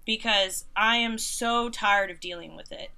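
A woman in her thirties, a concert photographer, telling stories in a casual interview with animated sarcasm and mocking quoted voices. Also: mid-range voice, a little slow, vocal fry, clean tone. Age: 30s.

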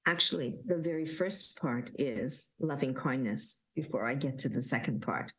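A woman leading a guided relaxation talk at home, giving slow, soothing instructions with gentle repetition. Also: low-pitched, rough recording. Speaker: parenting coach leading calming exercises.

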